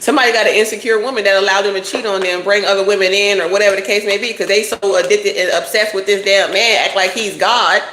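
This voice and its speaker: A woman gives a tarot reading in a blunt, preachy voice, swearing freely as she lectures. Her pitch sits in the middle, and the sound carries an echo from the room around her. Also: steady tone, fast talker, hardly any pauses, a bit bright, a little hiss or hum. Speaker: tarot reader. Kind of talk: casual tarot reading monologue.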